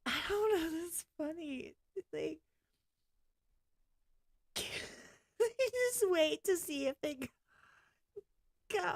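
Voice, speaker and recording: A middle-aged woman hosting a live-stream reaction, blunt and excitable, bursting into laughter often. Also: very high-pitched, takes it slowly, gravelly, pauses often.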